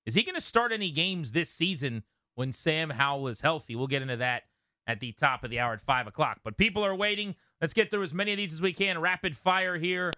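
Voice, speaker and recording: Radio co-host, male, bright and crisp, dry studio sound, upbeat banter. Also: fairly high pitch, dry recording. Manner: upbeat, quick banter, reads callers in. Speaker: radio sports show co-host. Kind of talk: casual radio chat. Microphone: studio microphone.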